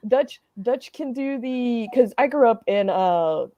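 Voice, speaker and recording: A woman's voice: a little high, expressive, takes it slowly, highs cut off, over a noisy crowd. A woman panelist chatting casually on a video call, often restarting her sentences.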